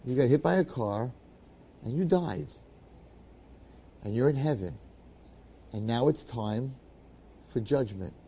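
A man voicing a solemn bearded heavenly judge who calmly explains the judgment. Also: mid-range voice, slow pace, long pauses, slight background noise.

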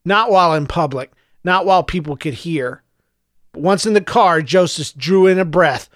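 A man narrating an audiobook in an even, measured way. His voice sits high for a man, and the recording is dry and close with no room sound. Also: no echo. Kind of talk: scripted narration.

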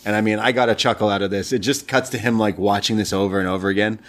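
A man's voice: fairly low pitch, steady tone, fast talker. A young man co-hosting a review show in casual chat, talking loosely, retelling scenes and laughing often. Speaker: podcast co-host.

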